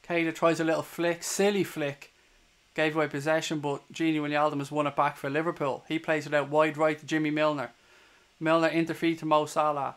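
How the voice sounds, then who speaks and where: A young man with an Irish accent calls a football match pass by pass for a fan stream. His voice sits a little high for a man, and his talk is quick, partisan and full of swearing when the other side annoys him. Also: fairly bright tone. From Ireland. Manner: swears hotly at opposing players. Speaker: fan watchalong streamer doing live commentary. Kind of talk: live play-by-play commentary to a stream chat.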